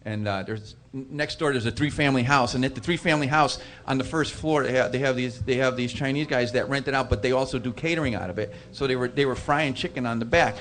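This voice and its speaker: A man's voice: mid-range voice, quick pace, hardly any pauses, fairly bright tone. A man, a band member guest, telling an anecdote with laughter and acted-out voices. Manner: laughs while telling stories, acts out voices. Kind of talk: animated storytelling.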